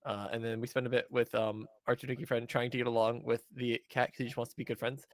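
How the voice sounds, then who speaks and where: A man's voice: mid-range voice, level tone, fast, no echo. A man co-hosting a podcast, recapping an episode casually with many ums and uhs. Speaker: podcast co-host.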